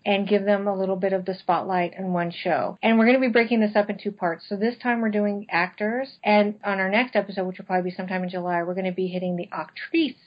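A chatty young woman from the West Coast hosts a podcast in a relaxed, freewheeling way. Her voice is a little nasal and sits in an ordinary middle range. The audio is dull and lo-fi. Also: medium pitch, fast, hardly any pauses. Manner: chatty, freewheeling, self-deprecating. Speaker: podcast host. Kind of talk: casual podcast chat.

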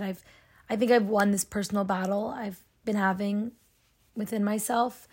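Young woman podcast host, mid-pitched, sincere and meandering, leaning on "like" as she talks things through. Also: darkish tone. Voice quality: sensitive voice. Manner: earnest, rambling, heavy use of "like". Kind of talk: casual solo podcast talk.

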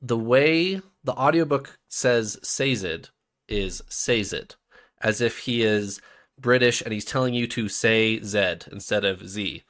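A man's voice: mid-range voice, measured pace, fairly bright tone. A man co-hosting a podcast, chatty and explanatory, stammering a little as he corrects pronunciations. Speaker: podcast co-host. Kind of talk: casual chat.

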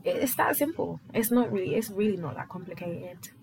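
A young adult woman from London, hosting her own podcast in a rambling, casual solo chat full of fillers and quick laughs. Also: mid-range voice, animated, a crowd in the background, rough recording. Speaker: podcast host.

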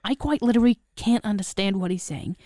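A woman's voice: medium pitch, fast talker, mellow, no echo, clean studio sound. A woman host bantering casually and teasing her co-host with mock threats. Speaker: podcast host.

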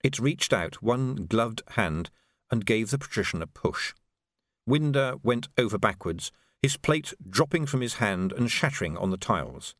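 A man narrating a novel in an expressive storytelling manner. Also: fairly low pitch, a little slow, no room sound, studio quality. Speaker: audiobook narrator. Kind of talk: scripted narration.

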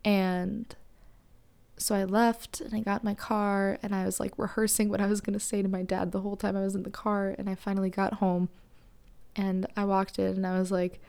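A young woman hosting a podcast, telling a personal story candidly with many fillers and breathy whispered asides. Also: medium pitch, flat delivery, normal speed, a little mellow. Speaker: podcast host.

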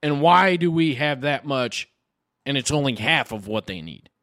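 A man's voice: mid-range voice, expressive, normal speed, fairly bright tone, no room sound, clean studio sound. A man in his mid-twenties from the United States, co-hosting a podcast in casual, profane chat, rambling and repeating words as he thinks aloud. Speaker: podcast co-host.

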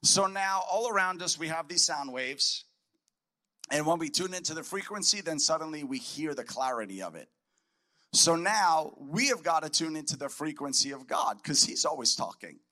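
A man's voice: a little high, expressive, moderate pace, sharp tone. A man preaching a conference sermon, emphatic and repeating his key phrases for the crowd. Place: conference hall.

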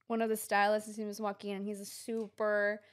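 A woman's voice: mid-range voice, fast. A woman in her twenties co-hosting a podcast, chatting casually and acting out the people in her stories. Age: 20s. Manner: animated storyteller, acts out quoted voices. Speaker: podcast co-host. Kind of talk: casual chat.

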